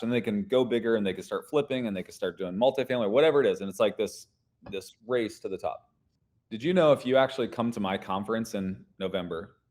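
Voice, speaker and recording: A man's voice: fairly low pitch, darkish tone. A man, a podcast guest who invests in real estate and teaches it, talking emphatically in casual conversation and acting out what other people say. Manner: emphatic, acts out quoted speech.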